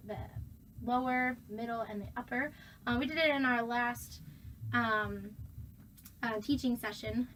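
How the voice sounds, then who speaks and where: A woman's voice: on the high side, fairly bright tone, slight background noise. A young woman coaching a student through a voice lesson, encouraging and demonstrating exercises. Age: young adult. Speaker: voice teacher.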